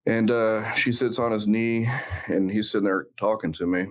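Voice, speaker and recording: A man, a former police officer, earnestly recounting his past in an interview, halting and reflective with many fillers. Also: lowish voice, steady tone. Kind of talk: personal storytelling in an interview.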